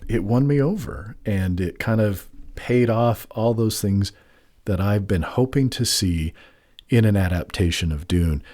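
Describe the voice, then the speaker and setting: A man co-hosting a podcast, chatting enthusiastically about a film, agreeable and a bit halting. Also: on the low side, mellow. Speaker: podcast co-host. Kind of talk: casual film discussion.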